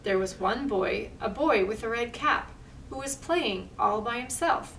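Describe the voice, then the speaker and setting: A woman's voice: on the high side, unhurried, creaky, fairly bright tone. A woman reading a picture book aloud at a library storytime, chatty and pointing at the pictures. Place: library room. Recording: distant mic, faint room noise.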